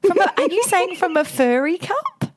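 A woman's voice: very high-pitched, normal speed. A woman co-hosting a podcast, reacting in casual chat. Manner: animated, reactive. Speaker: podcast co-host.

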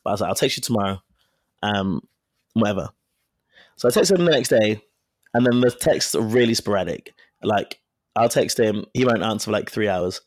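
A man's voice: fairly low pitch, normal speed, long pauses, darkish tone, no room sound. A man chatting casually, telling a story frankly and acting out the dialogue as he goes. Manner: frank and profane. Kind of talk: casual chat.

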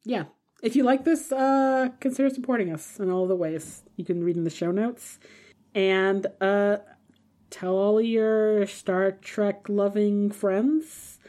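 A woman co-hosting a podcast in casual chat, animated and playful, laughing easily. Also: mid-range voice, slow pace. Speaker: podcast co-host.

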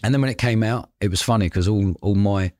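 A man with a lowish voice recounts stories in a relaxed podcast conversation. He bounces between his own voice and animated impressions of the people in his tales, laughing as he goes. The sound is dry and close. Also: fast, dry recording. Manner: animated anecdotes, acts out quoted voices, laughs often. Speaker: podcast host. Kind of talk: casual storytelling chat.

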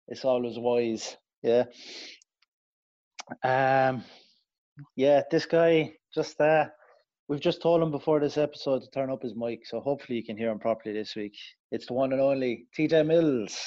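A man's voice: medium pitch, normal speed, warm tone, muffled recording. A man hosting a casual podcast, introducing his co-hosts with teasing jokes. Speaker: podcast host.

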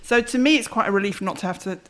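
A woman's voice: mid-range voice, quick pace, fairly bright tone, a little hiss or hum. A middle-aged woman, a singer chatting as a guest, telling stories in a chatty, self-deprecating way with laughter. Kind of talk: casual chat.

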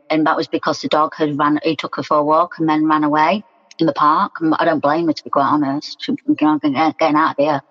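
A woman being interviewed, telling her own story frankly and acting out what was said in quoted speech. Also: low-pitched. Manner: frank, plain-spoken, retells scenes in quoted speech. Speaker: interview guest. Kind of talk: personal account in conversation. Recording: dull sound with long room reverb.

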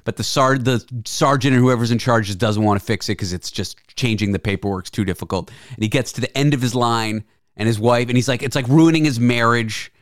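A man's voice: medium pitch, brisk, no echo, studio quality. A male radio host in casual chat, teasing his guest with wry jokes.

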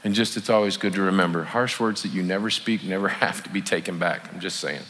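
Speaking fast in a low-sitting voice with a fairly bright tone, a pastor gives a conversational, folksy sermon. He acts out heartfelt apologies as examples, and the recording carries long hall reverb and a faint hum of room noise.

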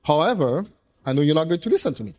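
Animated man telling rambling stories. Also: on the high side, fast talker. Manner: animated, rambling, with playful swearing. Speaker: entrepreneur speaking to an audience. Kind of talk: casual storytelling talk. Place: event room with audience.

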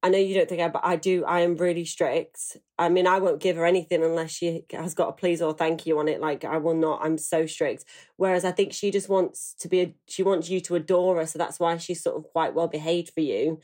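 A woman's voice: lowish voice, steady tone, brisk, a little mellow. A woman, a co-host, cutting in eagerly with apologies and laughing often in a casual chat.

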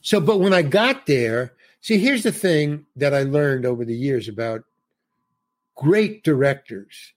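A man's voice: mid-range voice, animated, a little slow. A man in his eighties from New York, a guest on a podcast, telling a rambling anecdote and acting out the dialogue as he goes. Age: 80s. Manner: rambling storyteller who acts out quoted dialogue.

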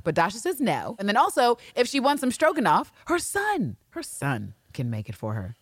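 A woman co-hosting a podcast, recapping a TV episode in a casual, animated, profane way and acting out the characters' lines. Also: mid-range voice, moderate pace, breathy edge, no room sound, studio quality. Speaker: podcast co-host.

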